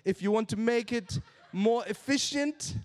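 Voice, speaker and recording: A man quoting a matter-of-fact German teenage boy who explains his logic calmly, in a stand-up comedy routine. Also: very high voice, a little slow, voice pushed up.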